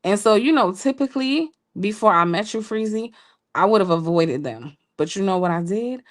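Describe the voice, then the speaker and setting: Woman telling a funny story on a podcast, playful, voice shoots way up when she quotes folks. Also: normal speed. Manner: animated, jumps high when quoting people; laughing, playful asides to listeners. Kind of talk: casual storytelling chat.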